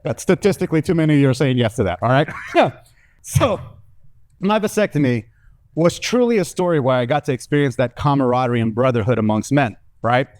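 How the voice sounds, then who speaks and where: On a comedy stage in front of a live audience, a young Mexican man performs stand-up. Speaking fairly quickly, he tells lively stories and mimics others' voices with large pitch jumps.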